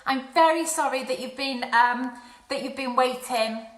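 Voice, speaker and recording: A woman's voice: sits high, moderate pace, roomy sound, low-quality recording. A young woman presenting a live craft session for children from her home, chatty and apologetic. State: out of breath. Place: home, indoors. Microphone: phone or webcam livestream.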